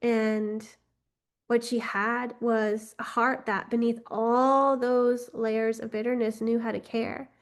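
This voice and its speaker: Female storyteller with a slightly high voice, telling a folk tale unscripted for a guided workshop. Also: flat delivery, slow pace. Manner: unscripted retelling with fillers like "right?" and "like". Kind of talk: spoken storytelling for a guided healing journey.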